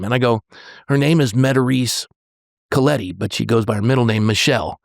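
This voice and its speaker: A man in his sixties, a pastor, telling a personal story on a podcast in an earnest, halting way, often restarting and quoting dialogue. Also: medium pitch, vocal fry, no echo, clean studio sound.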